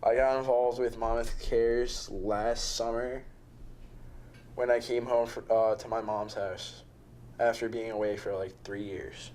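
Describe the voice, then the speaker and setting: A young man in a documentary interview, soft-spoken and quiet, laughing easily as he talks. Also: mid-range voice, level tone, a little slow, a little hiss or hum. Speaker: camp participant.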